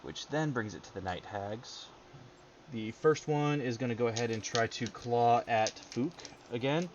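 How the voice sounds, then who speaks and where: A man runs a tabletop game as game master, describing hits and rolls in an easygoing way with quick asides. The stream audio sounds dull and lo-fi, with faint background hiss. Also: mid-range voice. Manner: easygoing, laughs often, fast asides. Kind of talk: running a tabletop game, casual.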